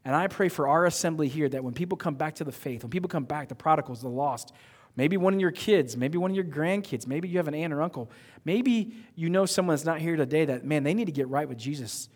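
A middle-aged male pastor preaching a sermon in a church, telling stories in a lively, conversational way. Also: fairly high pitch, fast. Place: church sanctuary. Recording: echoey church hall.

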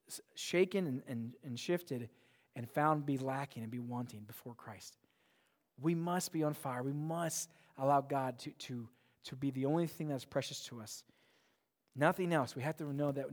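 A man pastor preaching a sermon in a church, earnest and emphatic, often repeating words as he presses a point. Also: fairly high pitch. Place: church sanctuary. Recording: long reverb of a large hall.

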